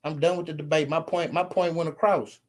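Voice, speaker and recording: A man's voice: on the high side, fairly even intonation, a little fast. A man from Houston, giving a boastful debate presentation full of street slang and swearing over a voice call. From Houston, Texas.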